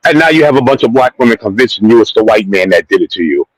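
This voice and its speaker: A man's voice: fairly low pitch, lively intonation, fast, no echo, poor audio. A man calling into a debate, pushy and provocative, cutting in to ask questions. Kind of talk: casual debate.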